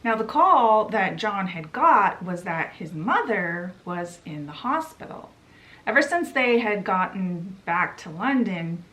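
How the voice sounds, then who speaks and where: A woman hosting a book channel, retelling a novel's plot in a chatty, relaxed way. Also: on the low side, a little hiss or hum. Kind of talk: casual book summary.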